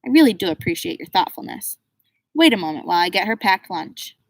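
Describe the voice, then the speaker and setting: A woman's voice: medium pitch, sing-song, a little fast, rough recording. Woman voicing a proper elderly grandmother. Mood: gracious. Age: older. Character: brisk, proper grandmother running a game reserve.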